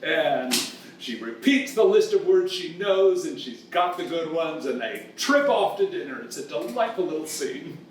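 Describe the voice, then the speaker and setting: A man's voice: on the high side, very animated, moderate pace, recorded from a distance, slight background noise. A man hosting a comic lesson who retells a story in a playful, bawdy, teasing way. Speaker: host. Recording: echoey room, voice off the mic.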